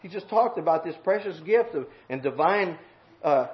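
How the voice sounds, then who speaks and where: Folksy preacher man, loud then murmuring. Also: expressive, moderate pace, dull audio. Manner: swings from loud shouting to low murmured prayer; down-home, drawling, folksy. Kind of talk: sermon.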